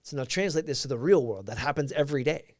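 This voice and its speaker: A man's voice: mid-range voice, animated, fast talker, no echo, clean studio sound. Earnest man giving a motivational talk. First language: Portuguese. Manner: earnest, reflective, answering viewers' comments. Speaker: live-stream host.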